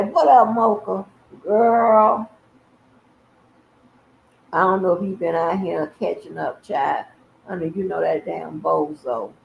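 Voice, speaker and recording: A woman's voice: on the low side, vocal fry, slight background noise. A woman hosting a casual commentary stream, chatty and profane, talking straight to her viewers. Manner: chatty, addresses viewers directly, swears freely. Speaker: commentary channel host. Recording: echoey, slightly muffled room audio.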